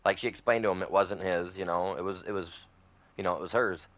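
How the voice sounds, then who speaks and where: Rambling streamer, a man with a very low voice, dry and close, casual gameplay chat. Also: fairly even intonation, fast, a bit bright, no room sound, lo-fi sound. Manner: rambling storyteller, many fillers and restarts. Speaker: gaming streamer.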